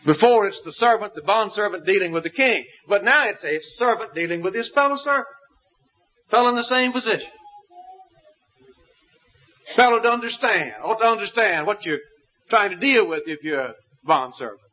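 A man preaching a sermon, telling a parable in a folksy, emphatic way with wide swings in pitch. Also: animated, moderate pace, pauses often, lo-fi sound.

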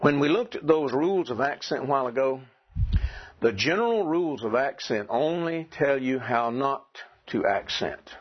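A husky-voiced man gives a classroom lecture, walking his students through grammar rules and repeating them patiently. He keeps his pitch in a middle register. The recording is dull and lo-fi. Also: animated, moderate pace. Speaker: Greek teacher.

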